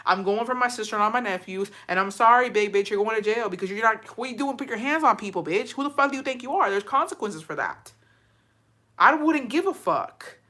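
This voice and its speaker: A woman's voice: on the high side, expressive, bright, forceful tone. A woman giving heated, profane reaction commentary, ranting with outrage. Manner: profane, outraged, fast-shifting rant.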